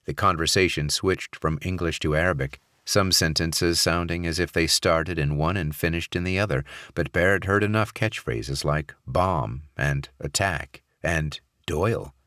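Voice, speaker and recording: A male narrator reading a thriller audiobook in a steady, measured way. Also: low-pitched, dry recording, studio quality. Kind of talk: scripted narration.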